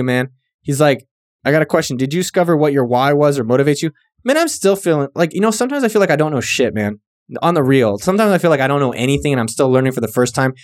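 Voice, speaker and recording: A man from California, hosting a podcast and giving casual, joking shout-outs to listeners in a laid-back, profane, slangy way. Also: a little high, dry recording, clean studio sound. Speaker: podcast host.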